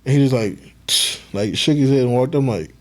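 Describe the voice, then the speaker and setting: A man's voice: medium pitch, a little fast. A laid-back man and former college football player, telling his story casually as a podcast guest and swearing freely.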